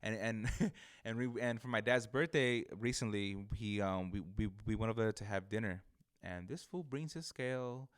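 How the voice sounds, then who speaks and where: A man's voice: fairly low pitch, moderate pace, clean tone. A young man, a barber guest on a podcast, chatting casually in a rambling, slangy way full of restarts. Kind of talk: casual chat.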